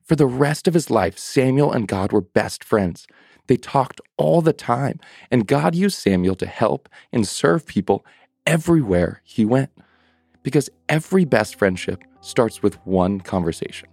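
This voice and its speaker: A man narrating a bedtime story for children in a gentle manner, asking the listeners questions. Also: medium pitch, lively intonation, measured pace, creaky, husky, no echo, studio quality.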